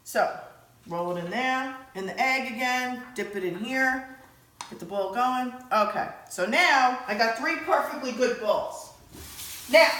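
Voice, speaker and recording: A woman's voice: fairly high pitch, a little slow, a little hiss or hum. Chatty woman cooking in an echoey kitchen. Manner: chatty, excitable, filler-heavy. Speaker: home cook. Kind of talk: casual cooking demonstration. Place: home kitchen.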